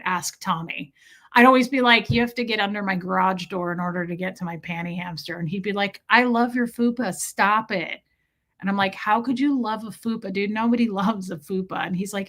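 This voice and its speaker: A woman's voice: medium pitch, a bit bright. A woman live-streaming, telling a frank, profane, joking story in casual chat.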